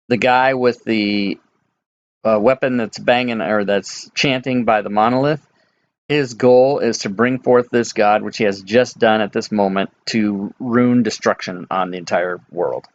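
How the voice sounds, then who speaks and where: A man running a tabletop game as dungeon master, explaining slowly with frequent hesitations. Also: fairly low pitch, muffled recording. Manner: unhurried, hesitant with many ums.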